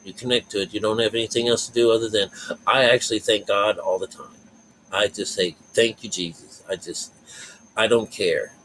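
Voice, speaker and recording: A man's voice: lowish voice, steady tone, a little fast, fairly bright tone, a little hiss or hum, low-quality recording. A man giving a rambling, folksy spiritual talk to his viewers, full of fillers and asides. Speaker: spiritual vlogger.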